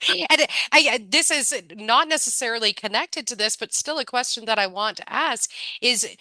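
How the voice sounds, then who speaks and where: A woman's voice: a little high, normal speed, sharp tone, no room sound, rough recording. A woman hosting an interview podcast, listening, affirming and reflecting on the guest's experiences. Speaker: podcast host. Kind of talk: casual interview conversation.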